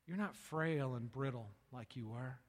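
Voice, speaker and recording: A man preaching a sermon with passion, swinging between hushed lines and loud ones and often repeating his words. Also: medium pitch, unhurried. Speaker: pastor. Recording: long reverb of a large hall.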